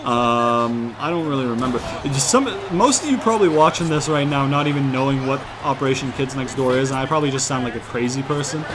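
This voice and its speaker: A young man from outside the US giving rambling, profane let's-play commentary, breaking into loud exasperated rants. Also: medium pitch, fast talker, few pauses, noisy background. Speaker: gaming YouTuber.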